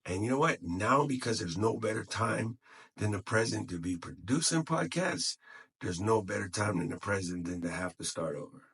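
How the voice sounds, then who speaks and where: A man's voice: on the low side, animated, moderate pace, creaky, a bit bright, husky. A man talking casually to camera, encouraging other podcasters in a tired voice, recorded on his phone. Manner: encouraging, motivational, loose and unscripted.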